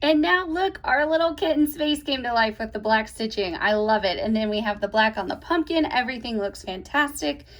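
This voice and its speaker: A woman's voice: a little high, animated, a little fast, few pauses. Cheerful woman teaching embroidery. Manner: cheerful and gushing, laughs often. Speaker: embroidery tutorial host. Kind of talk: chatty step-by-step tutorial.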